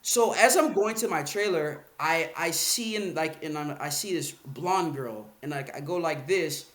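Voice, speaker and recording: A man's voice: a little high, unhurried, a bit bright. A man, a podcast guest, telling a story casually in a laid-back, slangy way with plenty of swearing. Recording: roomy podcast room.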